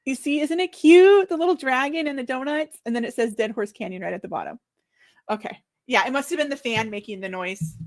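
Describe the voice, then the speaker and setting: A chatty woman in her forties hosts a livestream for her new book. Her voice sits on the high side and bubbles with eager excitement. She rambles happily in the easy tone of a casual stream. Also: fairly quick. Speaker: author hosting a book launch livestream.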